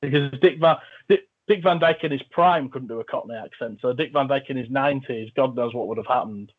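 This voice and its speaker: A man's voice: medium pitch, fairly quick. Chatty man on a tinny line. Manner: enthusiastic, jokey. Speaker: podcast host. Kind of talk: casual film chat. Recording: phone-like narrow audio.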